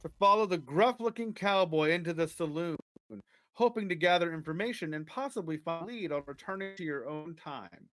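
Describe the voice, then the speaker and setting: A man's voice: on the high side, brisk, no echo. A man co-hosting a podcast, chatting casually and reading an adventure story aloud to listeners. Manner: casual banter, reads the story aloud at an even pace.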